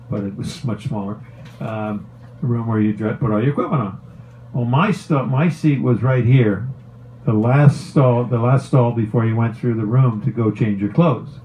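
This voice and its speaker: Profane, laughing hockey storyteller, low voice. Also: male voice, highs cut off, a little hiss or hum. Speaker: former hockey player telling a story. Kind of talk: casual storytelling on a talk show.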